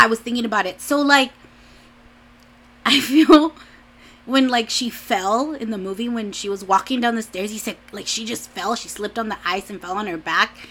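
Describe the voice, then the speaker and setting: A young woman vlogger chats casually with a bright, clear voice. She rambles, restarts her sentences and scatters "like" throughout, laughing often as she goes. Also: mid-range voice. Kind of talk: casual chat.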